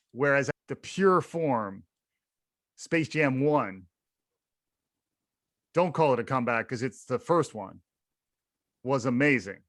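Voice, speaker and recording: A man's voice: fairly high pitch, fairly bright tone, dry recording, clean studio sound. A man co-hosting a podcast, giving his opinions in a playful, riffing way. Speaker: podcast co-host. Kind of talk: casual podcast chat.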